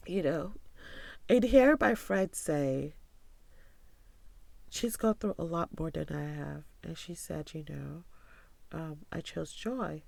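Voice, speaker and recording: A woman podcaster speaks in an earnest, confiding monologue, her voice full of deep vocal fry. The sound is dry and close, with almost no room around it. She keeps checking in with her listeners as she talks. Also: no room sound. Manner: earnest and confiding, often asks "right?" and "you know". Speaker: podcast host.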